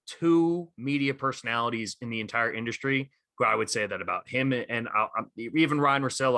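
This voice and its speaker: A man's voice: mid-range voice, bright, forceful tone, no room sound. A man co-hosting a casual sports podcast, retelling stories with enthusiasm and lots of fillers. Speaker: podcast co-host.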